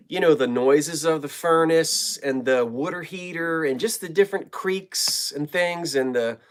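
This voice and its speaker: Broadcasting live from his home basement, a middle-aged New Jersey host chats casually and greets viewers by name in a mid-range voice.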